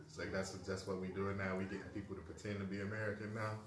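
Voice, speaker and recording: A man's voice: sits low, flat delivery, quick pace. A young man co-hosting a podcast, teasing and telling stories in loose slang. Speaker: podcast co-host. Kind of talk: casual chat. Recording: echoey room, off-mic, faint noise.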